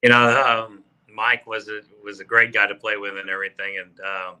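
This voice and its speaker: Brief: fifties South Texas golfer, animated yarn-spinner, very bright cutting tone. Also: male voice, on the low side, moderate pace, smooth. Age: 50s. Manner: animated storyteller, acts out quotes, many fillers. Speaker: podcast guest, golfer. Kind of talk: casual storytelling.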